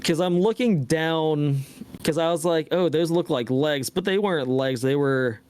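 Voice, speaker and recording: A man's voice: a little high, unhurried, a little mellow, smooth. A man co-hosting a gaming podcast, animatedly retelling his own reactions with a lot of swearing. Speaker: podcast co-host. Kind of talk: casual gaming chat.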